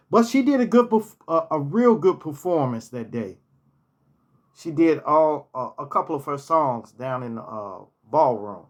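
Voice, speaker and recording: A man recalls old workplace stories in a relaxed, conversational way. His voice sits a little high and he talks slowly, circling back to repeat phrases for emphasis. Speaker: storyteller, former hotel manager. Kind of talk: casual personal anecdotes.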